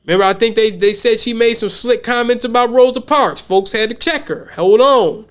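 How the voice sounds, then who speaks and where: High-voiced rambling man. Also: moderate pace, clear, resonant tone. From United States. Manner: rambling, repeats words when he restarts. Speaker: podcast host. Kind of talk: casual podcast talk.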